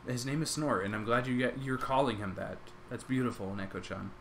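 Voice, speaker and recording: A man's voice: medium pitch, fairly quick, gravelly, noisy background. A young man streaming live, rambling casually as he reacts to his chat and to videos, with lots of "like" and restarts.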